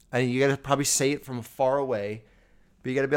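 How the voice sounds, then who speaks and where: A podcast host sounds off about what annoys him. His manner is loose and animated, and he swears in nearly every sentence. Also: medium pitch, rapid-fire, clear, resonant tone. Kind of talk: casual ranting monologue.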